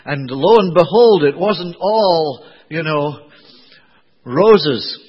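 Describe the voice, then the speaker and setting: A man preaching a sermon in a conversational, digressive way, with a slightly husky voice. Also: a little high, lively intonation, extremely slow. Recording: dull lo-fi recording in a reverberant hall.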